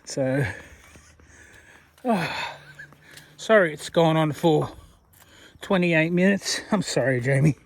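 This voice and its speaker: With a slightly high voice, an Australian man talks slowly and pauses often, the recording free of room sound. He's a vlogger walking outdoors along a road, casually rambling to the viewer and running himself down.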